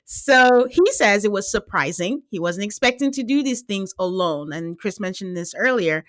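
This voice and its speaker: Woman host chatting about a show, lively, acts out what people said, dry close sound. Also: mid-range voice, moderate pace, no echo. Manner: animated, acts out quotes with laughs. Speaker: podcast host. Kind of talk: casual recap chat.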